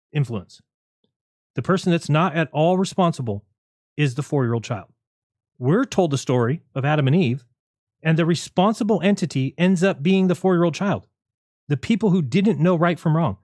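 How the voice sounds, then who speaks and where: Male livestream host with a rapid, argumentative monologue and a sarcastic edge. Slightly high voice, dry room. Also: a little mellow, no room sound.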